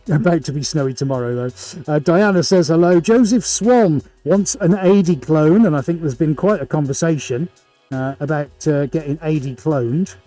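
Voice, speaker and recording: A man hosts a live painting stream, rattling off greetings to viewers by name and throwing in jokey asides. His voice sits a little high but has a warm, mellow tone. Soft music plays quietly behind him. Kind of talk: casual live-stream chat.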